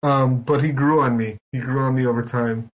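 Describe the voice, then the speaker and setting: A man on a podcast, telling a relaxed anecdote with lots of "like" and "um". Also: mid-range voice, normal speed, dull audio, a little hiss or hum. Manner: easygoing anecdotes with filler and restarts. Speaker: podcast co-host. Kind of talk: casual podcast banter.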